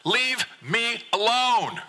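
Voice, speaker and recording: A man's voice: mid-range voice, expressive, normal speed, pushed and bright, voice pushed up. A man voicing his upset thirteen-year-old son, pleading in a raised, strained voice during a performed poem.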